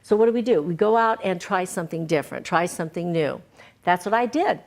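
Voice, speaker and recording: A woman's voice: fairly low pitch, animated, fairly quick, vocal fry. A woman interview guest talking earnestly and encouragingly, often checking in with "right?". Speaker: guest, singer-songwriter and author. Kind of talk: candid interview conversation.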